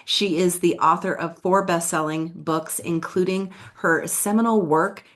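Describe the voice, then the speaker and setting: A woman's voice: fairly low pitch, fairly even intonation, a little slow, fairly bright tone. A woman co-hosting a podcast, at the tail end of a cold, chatting and reading out a guest's introduction. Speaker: podcast co-host. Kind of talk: casual chat and reading an introduction.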